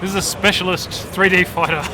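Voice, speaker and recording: A man's voice: high voice, steady tone, a little fast. A chatty man commentating a fighting game tournament stream in an upbeat way. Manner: upbeat, chatty, laughs often. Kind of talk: casual live commentary. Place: gaming tournament venue. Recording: noisy event room.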